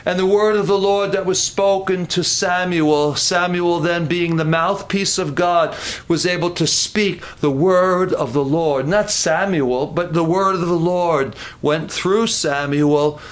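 A man preaching a sermon, telling the story in an animated way and slowing down for dramatic emphasis. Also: high-pitched. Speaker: pastor.

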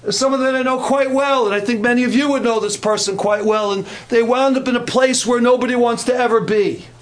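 Man, high-pitched, preaching a sermon, earnest, repetitive, folksy humor. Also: fairly even intonation, brisk.

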